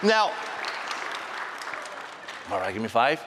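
A man preaching a family sermon in a church, joking easily with the children and slowing down to stress his key points. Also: medium pitch, very animated, fairly bright tone, some chatter behind, a little hiss or hum. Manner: playful with kids, then slow and emphatic on key points. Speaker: pastor. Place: church sanctuary. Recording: long hall reverb.

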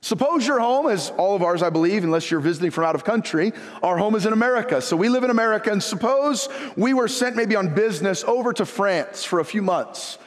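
A man's voice: sits high, animated, fairly quick, hardly any pauses. A male pastor preaching a sermon in a church, telling stories in a conversational, folksy way and posing rhetorical questions to the congregation. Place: church sanctuary. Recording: long reverb of a large room.

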